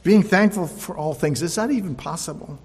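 A man's voice: a little high, normal speed, darkish tone, slightly rough. Man preaching in an echoey hall. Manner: reads verses aloud then explains in plain conversational asides. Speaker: pastor. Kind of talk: sermon, scripture reading with commentary. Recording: echoey hall with long reverb.

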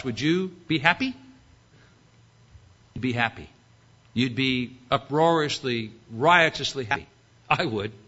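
A man's voice: mid-range voice, fairly bright tone, dull audio. A man preaching a sermon, reading scripture and acting out its characters with rhetorical questions.

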